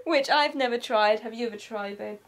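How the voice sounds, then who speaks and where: Giggly young woman, high voice. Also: a little fast, low-quality recording. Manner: giggly, excitable, rambling. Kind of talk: casual chat. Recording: voice from off the mic with faint noise.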